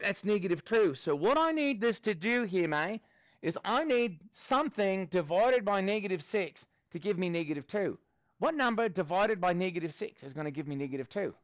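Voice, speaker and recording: A man's voice: high-pitched, dry recording. Upbeat man teaching a math class. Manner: playful, jokes in a mock Australian slang.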